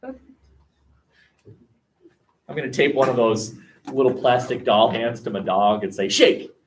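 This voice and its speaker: A man teaching a history class, animated and joking, asking the room rhetorical questions, recorded on a classroom webcam. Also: medium pitch, a little slow, slight background noise. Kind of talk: classroom lecture.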